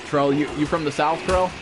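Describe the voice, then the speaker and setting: A man streaming a game live, chatting casually and excitably with viewers and swearing constantly. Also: on the high side, background noise. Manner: profane, excitable, calls viewers bro and dude. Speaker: gaming streamer.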